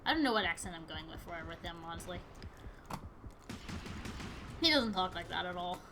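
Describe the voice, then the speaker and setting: Excitable woman chatting over gameplay. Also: on the low side, normal speed, noisy background. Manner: chatty, excitable, yelps at the game. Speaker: gaming video host. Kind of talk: casual gameplay commentary.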